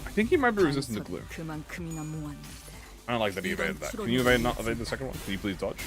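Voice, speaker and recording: A man giving casual gameplay commentary, playful and excitable, swearing freely and talking back at the game. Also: mid-range voice, very fast, music in the background. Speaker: gaming channel host.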